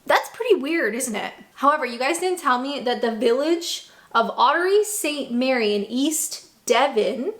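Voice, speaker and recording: A woman's voice: sits high, lively intonation, normal speed, hardly any pauses, fairly bright tone. A woman from the United States talking to camera in a playful way, acting out little quoted exchanges. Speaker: video presenter. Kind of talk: scripted talk to camera.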